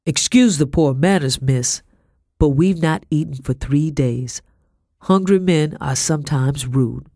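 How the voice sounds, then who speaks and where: A man's voice: fairly high pitch, a little slow, mellow, no room sound, studio quality. A reader voicing a short, stern male army sergeant who gives firm, formal, courteous orders. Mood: commanding.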